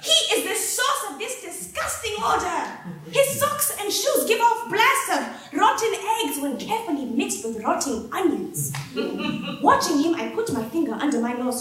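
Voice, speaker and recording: Lively woman reading in an echoey theater. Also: high voice. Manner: expressive, with wry laughs. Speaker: performer of a staged reading. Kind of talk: dramatic first-person storytelling. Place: theater stage. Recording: echoey live theater hall.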